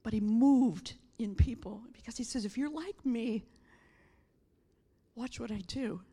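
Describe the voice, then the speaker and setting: A middle-aged woman preaching a sermon, impassioned and emphatic, rising to shouts and then dropping quiet and tearful. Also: a little high, unhurried, slightly rough. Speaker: pastor.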